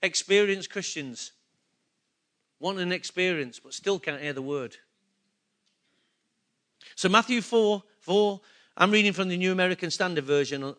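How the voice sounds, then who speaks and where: A man's voice: high voice, sharp tone. A male pastor preaching a sermon, emphatic and full of rhetorical questions to his congregation.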